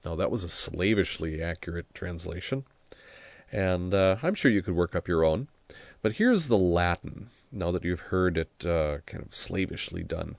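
Low-voiced guy reading latin verse and explaining it slowly, dry close sound. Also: animated, creaky, no echo. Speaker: teacher.

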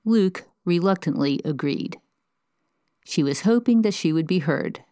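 A woman narrating a true story in a scripted, measured way as the show's host. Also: lowish voice, lively intonation, dark tone, no echo, clean studio sound.

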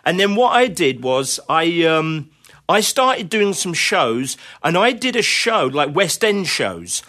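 A man's voice: a little high, a bit bright. A middle-aged man, a drummer guest, telling long casual anecdotes full of fillers and bursts of laughter. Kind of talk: casual conversational storytelling.

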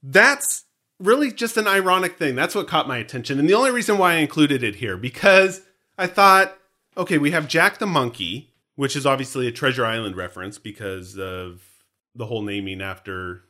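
Bright-voiced chatty man hosting. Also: medium pitch, expressive, normal speed. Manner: chatty, jokey, frequent laughter. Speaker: podcast co-host. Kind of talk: casual chat.

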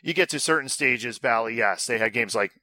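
A man's voice: mid-range voice, brisk, bright, forceful tone, slight background noise. A man co-hosting a casual podcast, loose and joking, swearing freely. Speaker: podcast co-host. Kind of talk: casual chat.

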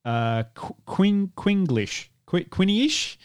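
A man's voice: high-pitched, takes it slowly, clear, resonant tone. A man hosting a casual film podcast, joking and laughing as he talks. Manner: animated, joking, trailing off into laughs. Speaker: podcast host. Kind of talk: casual chat.

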